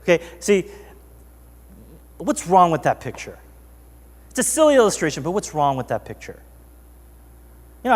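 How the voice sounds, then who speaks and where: A man's voice: fairly high pitch, big-room sound. A man preaching a sermon as pastor, telling a story in a loose, chatty way with many fillers. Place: church sanctuary.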